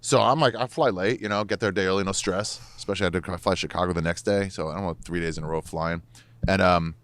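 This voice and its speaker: A man's voice: sits low, fairly even intonation, fairly bright tone, dry recording. A man, a comedian, swapping rambling, profane stories in casual chat on an outdoor deck. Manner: fast rambling anecdotes, frequent swearing. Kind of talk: casual chat while smoking cigars.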